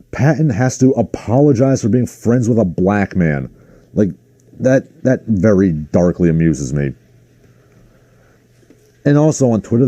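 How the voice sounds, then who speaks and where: A man's voice: fairly low pitch, mellow, no echo. A man hosting a livestream in a casual, ranting commentary style, sarcastic and exasperated. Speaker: livestream host.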